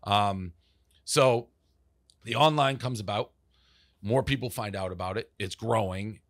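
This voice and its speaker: Appearing as a podcast guest, a man recounts founding his company in casual interview storytelling, rambling, profane and packed with "like." His voice is fairly low, unhurried and a bit bright, in a clean studio recording with no room sound.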